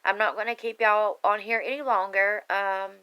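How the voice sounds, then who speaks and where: Speaking at normal speed in a smooth, mid-range voice with flat delivery, a woman tells her online group her life story, and the recording sounds muffled. She addresses viewers directly on camera in a casual, heartfelt live video, earnest, emotional and a touch rambling.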